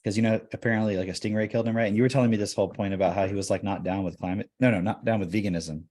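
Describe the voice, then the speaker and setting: Fast-talking, low-voiced man from Texas. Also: fairly even intonation, darkish tone. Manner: joking, rambling. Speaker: podcast host. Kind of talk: casual chat.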